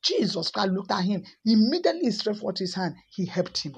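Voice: mid-range voice, very animated, fairly quick, gravelly, breathy edge. A preacher giving a repetitive, exhorting sermon and praying over listeners, breaking into tongues now and then. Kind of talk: sermon with prayer.

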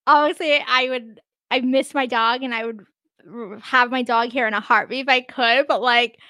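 A woman's voice: fairly high pitch, fairly even intonation, normal speed, bright, forceful tone, dry recording, clean studio sound. A woman co-hosting a podcast in casual chat, laughing often and saying "like" a lot. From United States. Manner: giggly, says "like" often. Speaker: podcast co-host.

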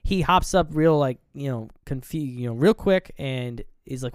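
A man's voice: on the high side, moderate pace, a little mellow, dry recording, studio quality. A man co-hosting a podcast, retelling horror film scenes in casual, profane chat and acting out the characters' lines. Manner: loose and profane, acts out scenes in quoted voices. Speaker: podcast co-host. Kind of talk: casual movie review chat.

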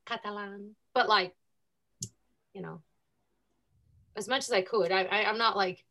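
A woman's voice: mid-range voice, measured pace. A woman from California with an American accent, a guest telling stories in a casual, chatty way. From California, USA. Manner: chatty, animated retelling with laughs and fillers. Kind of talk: casual storytelling interview.

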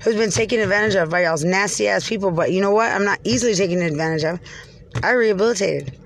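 A woman's voice: mid-range voice, quick pace. A woman from Texas, ranting from inside her car in an agitated, profane, rambling way. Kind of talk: angry rambling rant.

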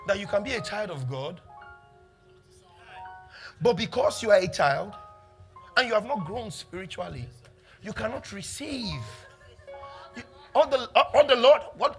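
A man preaching a sermon as pastor, emphatic, with loud exclamations between quieter teaching in a church. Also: high-pitched, big pitch swings, a little slow, creaky, long pauses, faint music behind.

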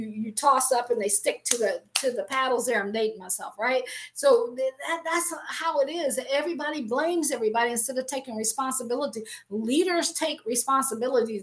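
A middle-aged woman giving an emphatic, preachy motivational talk on business, weaving in scripture and repeating her points. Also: a little high.

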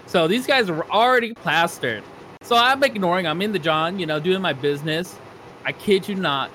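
A man casually telling a travel story on a podcast, animated and laughing as he talks. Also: sits high, moderate pace, a little hiss or hum. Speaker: podcast co-host.

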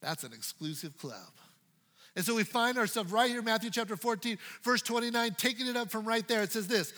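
Lively high-voiced male pastor preaching. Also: brisk, in a large hall. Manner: dynamic, playful, swinging from loud to hushed. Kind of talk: sermon.

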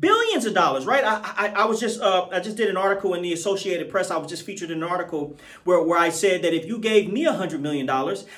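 A man's voice: sits high, expressive, quick pace, a bit bright. A middle-aged man from the United States giving an emphatic political commentary monologue, arguing point by point and throwing rhetorical questions at his viewers.

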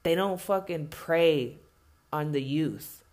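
A woman's voice: deep voice, takes it slowly, darkish tone. Blunt, cursing woman on a rant. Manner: blunt, heavily profane, emphatic; repeats herself for emphasis. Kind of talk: impassioned spoken rant.

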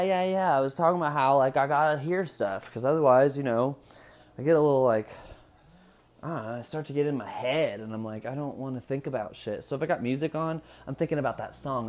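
A man in his twenties from Indiana, talking at home in a rambling, profane casual chat and laughing often. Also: medium pitch. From Indiana, USA. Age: 20s. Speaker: vlogger.

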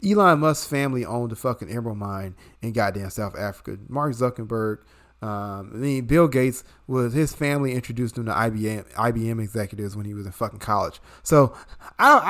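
A man's voice: medium pitch, brisk. A man co-hosting a podcast, talking bluntly and swearing freely in casual chat. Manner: blunt, profane, animated. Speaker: podcast co-host.

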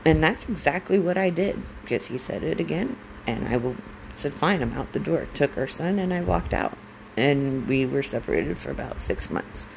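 A woman in her forties, a military spouse, talks candidly and emotionally about her own life, turning blunt and swearing when angry. Her voice sits low and gravelly, with lively intonation and normal speed. The background is noisy.

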